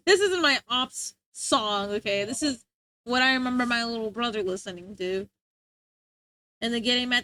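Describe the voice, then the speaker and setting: Giggly high-voiced woman streamer. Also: normal speed, no echo. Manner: giggly, rambling, excitable. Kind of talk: casual live-stream chat.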